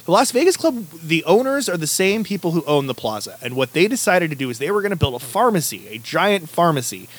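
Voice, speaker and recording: A man's voice: on the high side, sing-song, a little fast, few pauses. A man co-hosting a casual podcast chat, rambling and joking as he tells stories. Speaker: podcast co-host.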